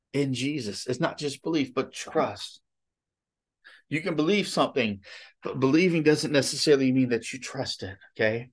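A man preaching a sermon in a conversational, rambling way, often stopping for "you know" and "okay?". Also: fairly high pitch.

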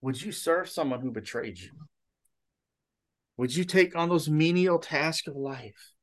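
A man's voice: on the high side, unhurried. A male pastor giving a conversational sermon, full of rhetorical questions and frequent restarts.

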